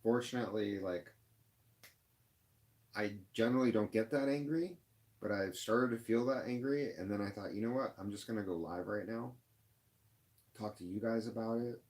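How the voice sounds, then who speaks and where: A rideshare driver ranting on a live stream, frustrated and upset, with halting restarts and lots of fillers. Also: male voice, lowish voice, darkish tone. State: upset, near tears.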